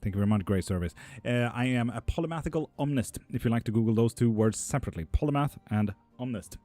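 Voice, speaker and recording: A man's voice: mid-range voice, fast talker, dark tone, dry recording, faint music behind. A man hosting a live stream, chatting casually and answering viewer questions in a loose, joking, profane way, laughing often. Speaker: live stream host reading chat questions. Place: indoor room with a fan running.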